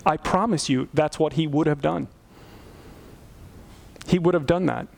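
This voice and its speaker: A pastor with a slightly high, gravelly voice preaches at a measured pace. He tells a personal story in his sermon, building up to earnest, intense pleading.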